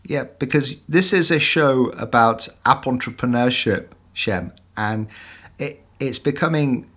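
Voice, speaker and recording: A man's voice: mid-range voice, measured pace, a bit bright. Man, podcast host, casual interview, chatty and upbeat. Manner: upbeat, chatty, laughs while reading aloud.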